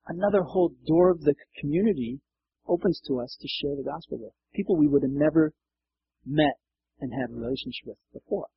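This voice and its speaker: A man preaches in an easygoing, chatty style, his voice sitting a little high for a man. He breaks into little acted-out quotes and chuckles as he goes. The recording is dull and lo-fi, with a faint hiss underneath. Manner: conversational preaching, acts out quotes with laughs. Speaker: pastor. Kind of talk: sermon.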